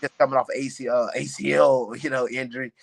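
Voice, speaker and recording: A young man, a fighter, chatting on a podcast and telling stories in a loose, animated way, full of "man" and "you know.". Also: medium pitch, quick pace, creaky. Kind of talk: casual podcast chat.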